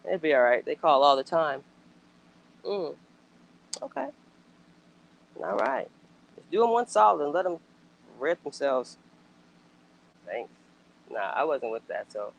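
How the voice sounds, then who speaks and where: A woman's voice: fairly low pitch, moderate pace, pauses often, low-quality recording. A woman chatting casually as a commentator. She is blunt and emphatic, swears freely and fires off rhetorical questions. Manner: blunt, emphatic, frequently profane; animated outbursts and rhetorical questions. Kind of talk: casual reaction chat.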